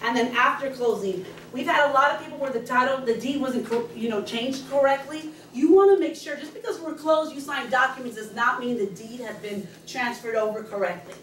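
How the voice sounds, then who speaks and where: A middle-aged woman in real estate talks her team through her routine with quick, passionate energy, getting loud when she is excited. Her voice sits a little high and rings around an echoey meeting room, picked up from a distance with faint room noise. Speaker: real estate agent guest speaker. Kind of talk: training talk to a team meeting. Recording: echoey room, speaker far from the camera mic.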